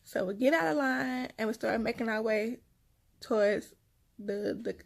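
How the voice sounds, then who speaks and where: Young woman, mom vlogger, chatty storyteller, slightly high voice. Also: normal speed, vocal fry. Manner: chatty, animated retelling with repeated phrases. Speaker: mother vlogging about her kids. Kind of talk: casual storytelling to viewers.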